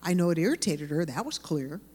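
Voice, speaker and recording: A woman preaching to a room of women, earnest and lively as she tells stories. Her voice carries a long reverb, as if from a large hall. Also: fairly low pitch, brisk, husky. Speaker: women's Bible teacher. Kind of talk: sermon to women.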